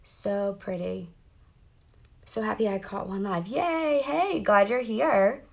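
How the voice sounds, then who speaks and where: A chatty woman, talking straight to her viewers as she walks them through her makeup on a live stream. Her voice sits at a middle pitch, and she sounds bubbly and friendly. She is recording from inside a car. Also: animated, slow, creaky, a little mellow. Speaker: makeup seller doing a live demo. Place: parked car.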